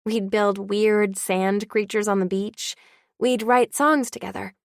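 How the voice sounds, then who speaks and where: A woman's voice: mid-range voice, fairly even intonation, measured pace, vocal fry, no echo, clean studio sound. A woman voicing an earnest, apologetic teenage girl in an audiobook.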